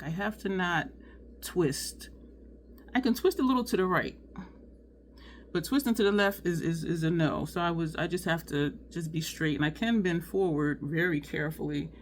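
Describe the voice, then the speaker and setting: A woman's voice: fairly low pitch, slight background noise. A woman chatting casually through a makeup tutorial at home, sweating and talking to her viewers as "y'all". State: sweating, overheated. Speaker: beauty vlogger.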